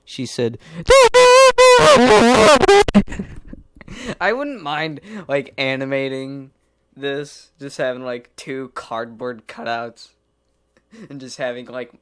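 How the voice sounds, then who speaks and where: A man's voice: mid-range voice, takes it slowly, fairly bright tone. A man casually reading fan fiction aloud, giggling and rambling in asides, some whispered. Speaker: reader.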